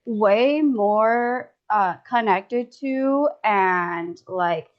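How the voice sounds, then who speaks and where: A woman's voice: medium pitch, extremely slow. Chatty woman, muffled lo-fi sound. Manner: chatty, rambling, many "like" fillers, laughs often. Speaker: guest discussant. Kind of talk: casual chat.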